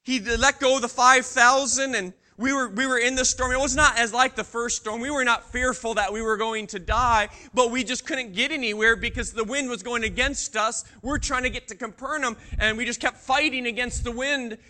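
A man acting out the apostle Peter as a bold, proud fisherman, telling his story in a first-person Bible monologue that swings between hushed awe and loud boasting. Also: very high voice, steady tone, moderate pace, hardly any pauses, full character voice. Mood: storytelling, urgent. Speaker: preacher in character.

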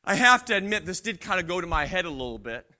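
A man acting out the apostle Peter as a bold, proud fisherman, telling his story in a first-person Bible monologue that swings between hushed awe and loud boasting. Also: high voice, sing-song, fast talker, full character voice. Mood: boastful, lively. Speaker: preacher in character.

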